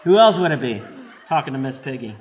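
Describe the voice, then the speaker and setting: A man's voice: medium pitch, sing-song, fast talker, dull audio, a faint crowd. Upbeat man hosting in a reverberant hall. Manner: upbeat, laughs often, repeats "very good". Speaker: host of a church party show. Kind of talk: casual game-show hosting. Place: church hall. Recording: long hall reverb, faint noise.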